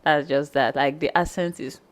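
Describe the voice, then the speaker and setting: Enthusiastic low-voiced young woman guest. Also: fairly even intonation, normal speed. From Nigeria. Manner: enthusiastic, repeats herself. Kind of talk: casual chat.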